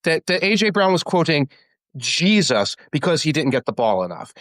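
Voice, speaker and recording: Guy co-hosting a sports podcast, wry and jokey, kinda high smooth voice, dry sound. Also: sing-song, brisk, fairly bright tone, dry recording. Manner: wry, joking, stumbles and repeats words. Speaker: podcast co-host. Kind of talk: casual sports podcast chat.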